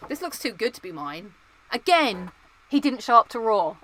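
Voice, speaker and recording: A young woman from Britain chatting casually and excitably, looking through old belongings and coughing now and then from dust. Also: a little high, moderate pace, a little hiss or hum, rough recording. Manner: chatty, excitable, sings entrance themes. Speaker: vlogger. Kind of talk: casual chat.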